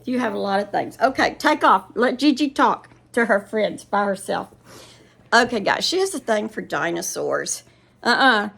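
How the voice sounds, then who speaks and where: A woman's voice: medium pitch, expressive, moderate pace, vocal fry, fairly bright tone, breathy edge. An older woman hosting a casual vlog, telling a rambling story and giggling often as she talks to her viewers. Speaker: vlog host.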